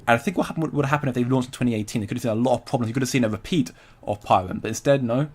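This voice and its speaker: A young man hosts a relaxed livestream, talking at an ordinary, mid-range pitch. He rambles in a loose, conversational way, breaks off to greet viewers and answer their comments, and laughs easily. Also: racing, slightly rough. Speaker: crypto livestream host. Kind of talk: casual livestream chat.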